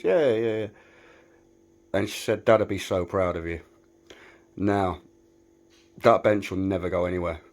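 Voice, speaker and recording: Wry British man touring his workshop. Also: low voice. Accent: British English. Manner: chatty, self-mocking, wry humor. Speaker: woodworking maker giving a shop tour. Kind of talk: casual vlog walkthrough. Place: small garage workshop.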